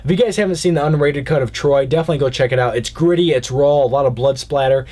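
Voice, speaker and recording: A man's voice: medium pitch, fast talker, darkish tone. A young man casually reviewing movies in a rambling way, with jokey asides.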